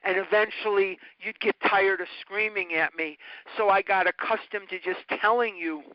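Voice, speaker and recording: Man, high voice, teaching a recovery group, emphatic, dry dull phone-call sound. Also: steady tone, normal speed, no room sound. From north side of Chicago. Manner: earnest, repetitive, emphatic teaching. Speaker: recovery study leader. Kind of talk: talk to a recovery study group.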